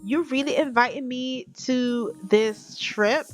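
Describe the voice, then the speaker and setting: A woman voicing an excitable, earnest pregnant young woman in a life-sim game, in casual, slangy girl talk. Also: high-pitched, slow, soft background music, pitched above the performer's own voice. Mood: chatty.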